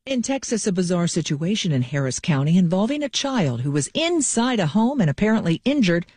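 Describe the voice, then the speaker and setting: A woman newscaster reading radio headlines in a crisp, measured delivery. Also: on the low side, sing-song, darkish tone, dry recording.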